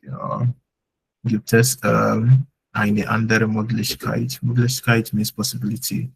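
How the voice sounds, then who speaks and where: A man's voice: on the low side, little pitch movement, takes it slowly, creaky, slight background noise, rough recording. A man teaching German in a live online lesson, explaining patiently with lots of "like" fillers.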